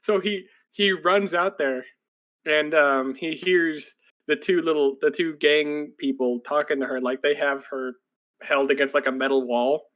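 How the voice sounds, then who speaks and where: A man's voice: steady tone, unhurried, a bit bright. A man co-hosting a podcast, casually retelling an anime plot in a rambling way, full of "like"s, and now and then slipping into breathless character voices. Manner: rambling, filler-heavy storytelling with many "like"s; jumps into breathless, high-pitched voices when quoting characters. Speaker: podcast co-host.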